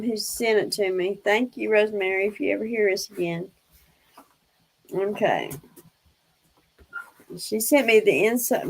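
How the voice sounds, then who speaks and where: A woman's voice: a little high, poor audio. A woman hosting a casual livestream, chatty, laughing often and fondly scolding her pets. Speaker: livestream host.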